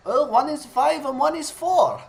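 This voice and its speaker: A man's voice: extremely high pitch, moderate pace, a bit bright, pitched above the performer's own voice. A man voicing a boastful father who brags about his two young children in a joke.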